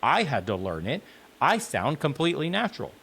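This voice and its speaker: A man's voice: mid-range voice, wildly swooping pitch, brisk, creaky, a bit bright, husky. A man in a clip played from another video, delivering a blunt, heated, profane opinion rant. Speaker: commentator in a reacted video.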